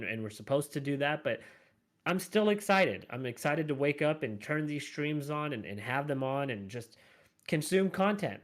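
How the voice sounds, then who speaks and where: A man's voice: on the high side, a bit bright. A man co-hosting a podcast in an enthusiastic casual chat. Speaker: podcast co-host.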